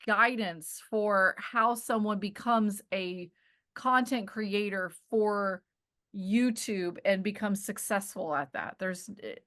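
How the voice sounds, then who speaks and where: Bright-voiced chatty woman guest. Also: medium pitch, takes it slowly. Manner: animated, chatty, laughs while explaining. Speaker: cinematographer guest. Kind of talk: casual interview chat.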